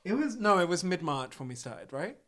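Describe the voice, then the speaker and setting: A man's voice: high voice, sing-song, a little fast, pushed and bright. A young man from Britain, a musician bantering and laughing with his bandmate after a living room livestream concert. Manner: joking, teasing, laughs often. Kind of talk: casual banter.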